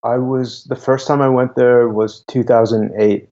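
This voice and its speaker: A young man, a guest chatting casually and halting with frequent restarts. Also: medium pitch, steady tone, dark tone. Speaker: guest, YouTuber. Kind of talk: casual interview talk. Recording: dull lo-fi audio.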